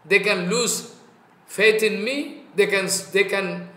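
Impassioned Indian man preaching, bright echoey voice. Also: high voice, takes it slowly. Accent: Indian English. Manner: impassioned, repetitive, emphatic. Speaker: spiritual teacher. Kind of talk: devotional sermon. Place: online talk in an echoey room. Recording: echoey room sound.

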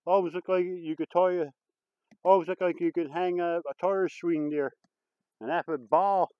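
A man vlogging outdoors in the woods, exclaiming excitedly and chatting to his viewers as he explores. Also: high voice, normal speed, no room sound, highs cut off. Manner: excitable, lots of exclamations and chuckles. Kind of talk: casual vlog commentary.

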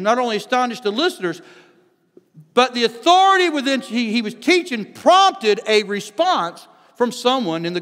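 Man pastor, very high voice, earnest sermon with restarts, church hall reverb. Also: fairly bright tone. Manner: earnest preaching with frequent restarts, reads scripture aloud. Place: church sanctuary. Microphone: microphone on stage.

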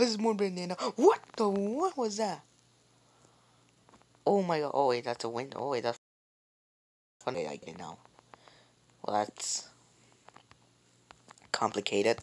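A woman giving live commentary while playing a game, rambling and jumpy, with many fillers and repeated words. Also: low-pitched. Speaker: gamer.

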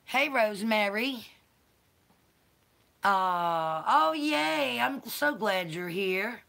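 A woman's voice: mid-range voice, animated, drawn-out words, vocal fry, a bit bright. A Southern woman chatting casually on her livestream, greeting viewers by name and cooing to her dogs; she says she is a little tired. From American South. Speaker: livestream host.

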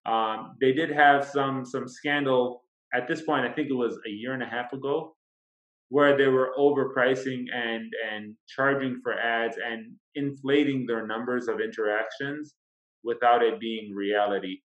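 A man talks through a topic step by step in a measured, thoughtful way, his voice sitting in a middle register. The recording is muffled and lo-fi, with a noticeable room echo around him. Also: mid-range voice, steady tone, a bit bright. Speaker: guest, marketing expert. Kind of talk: casual interview. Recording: echoey, dull lo-fi sound.

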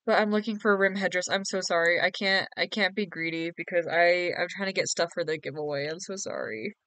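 A woman's voice: on the low side, fairly quick, fairly bright tone, no echo. A young woman chatting casually on a late-night game stream, giggly, teasing and sleepy. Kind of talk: casual live-stream chat.

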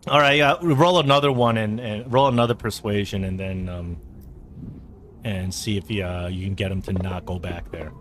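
A man narrating a tabletop game as game master, halting with many fillers. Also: on the low side, steady tone, fairly bright tone, a little hiss or hum.

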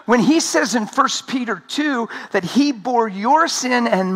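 A man preaching an energetic sermon at a conference, talking fast and laughing along the way. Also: extremely high pitch.

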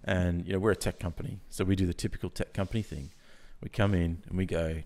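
A man, croaky from the early hour, talking with energy as a podcast guest and often restarting his sentences. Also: low voice, steady tone, fast talker, a little mellow. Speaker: guest, software founder. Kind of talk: casual podcast interview.

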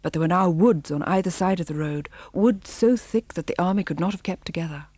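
Mellow-voiced woman reading a storybook. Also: lowish voice, slightly rough, no room sound. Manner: measured, expressive reading. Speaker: audiobook narrator. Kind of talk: storybook narration.

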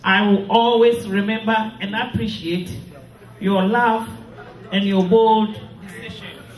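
A middle-aged woman from Ghana, slowly reading a grieving, tearful funeral tribute as a widow. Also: medium pitch, steady tone. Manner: slow, grieving, tearful delivery. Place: funeral hall. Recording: echoey hall from far off with music.

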